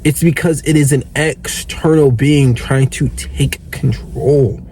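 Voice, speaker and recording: Slow, earnest young motivational man. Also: mid-range voice, fairly even intonation, dark tone, a little hiss or hum. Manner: earnest, preachy, swears casually. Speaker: self-improvement coach. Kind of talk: motivational monologue.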